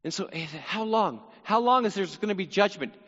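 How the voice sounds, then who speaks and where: A man's voice: high voice, animated, a little fast, a bit bright, big-room sound, muffled recording. A man teaching through a psalm in sermon style, earnest, repeating phrases and voicing the psalmist's cry. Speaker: Bible teacher.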